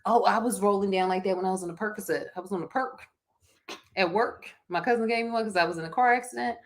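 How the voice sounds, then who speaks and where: A woman with a Philadelphia accent co-hosting a live chat show, talking in an animated, emotional way and breaking into song now and then. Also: medium pitch, quick pace. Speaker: podcast co-host.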